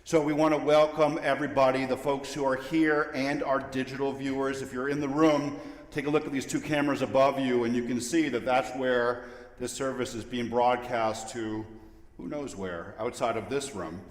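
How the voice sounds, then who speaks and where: A man's voice: mid-range voice, steady tone, normal speed. Man, service leader, playful informal welcome, roomy sanctuary sound, long reverb tail. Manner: playful, joking, chatty. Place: large sanctuary. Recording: echoey hall with long reverb.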